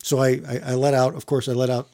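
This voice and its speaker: A middle-aged man and firefighter telling a story in an interview, rambling and halting, repeating words and chuckling often. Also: medium pitch, little pitch movement, dark tone.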